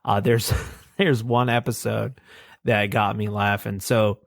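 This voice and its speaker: A man's voice: fairly low pitch, little pitch movement, slow pace, gravelly, no room sound, studio quality. A man co-hosting a podcast, chatting casually about cartoons, rambling and laughing at his own stories. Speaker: podcast co-host. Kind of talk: casual chat reviewing cartoons.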